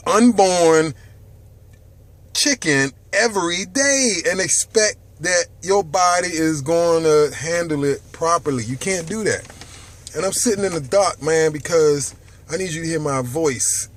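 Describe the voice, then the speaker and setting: A man with a somewhat high-pitched voice preaches to the camera about healthy living, swearing freely and pleading with the viewer. He talks from a dark room, often rising to loud outbursts and then sinking into hushed near-whispers. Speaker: health vlogger. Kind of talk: impassioned health monologue to camera.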